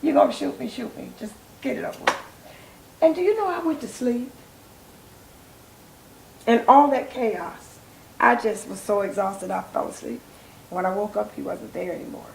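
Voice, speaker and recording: An older woman tells stories from her life in a relaxed interview, slipping into the voices of the people she quotes. Her voice has a gravelly edge. The room sounds echoey, with a faint hiss behind her. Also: mid-range voice, moderate pace, pauses often. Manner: animated storyteller acting out quoted voices. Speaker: interview guest, soul singer. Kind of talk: casual storytelling interview.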